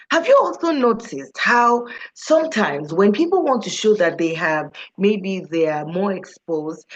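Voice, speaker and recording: A woman giving an emphatic motivational talk on speaking, often putting questions to her audience. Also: medium pitch. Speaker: speaking coach. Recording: dull, slightly lo-fi recording.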